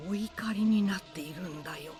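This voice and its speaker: An actress voicing a grave, eerie old grandmother in a visual novel, with a low, creepy whispering chant. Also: very fast, mellow, lightly acted. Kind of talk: Japanese visual novel voice acting. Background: game music.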